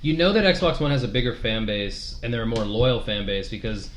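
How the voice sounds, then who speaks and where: A man's voice: medium pitch, fairly quick. Blunt, cursing man in echoey room. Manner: blunt, profane, exaggerating rants. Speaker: podcast co-host; game store clerk. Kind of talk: casual chat. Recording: echoey room with faint noise.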